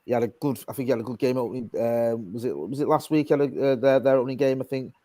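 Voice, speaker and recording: A man talks quickly as a panelist in a casual football chat. He rambles with fillers and restarts, and his voice sounds dry and close with no room around it. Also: mid-range voice, steady tone, dark tone, no room sound.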